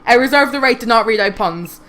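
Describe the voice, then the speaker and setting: A woman's voice: a little high, lively intonation, brisk, fairly bright tone. A young woman streaming a game live, reading the dialogue aloud and commenting in a sardonic, swearing way.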